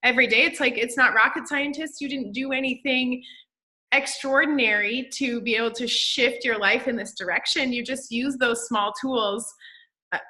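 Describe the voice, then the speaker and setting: A woman leads a conversational interview, explaining coaching ideas with emphasis and encouragement. Her voice sits a little high and sounds bright and forward. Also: normal speed. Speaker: podcast host and coach.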